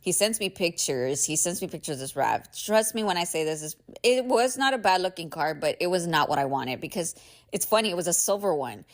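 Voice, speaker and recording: A woman podcast host telling a personal story in a candid, casual way, swearing freely and chuckling often, sounding tired. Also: deep voice.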